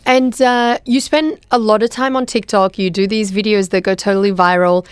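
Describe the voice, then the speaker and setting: A woman's voice: medium pitch, fairly even intonation, moderate pace, clear, resonant tone, no echo. A woman hosting a casual radio interview, asking questions and dropping short encouraging replies. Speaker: radio host. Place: radio studio.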